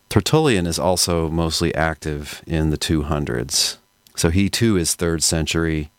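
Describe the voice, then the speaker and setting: A man hosting a podcast, explaining history in a measured, scholarly, conversational way. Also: low-pitched, no room sound, studio quality. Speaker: podcast host. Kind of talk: explanatory lecture-style podcast talk.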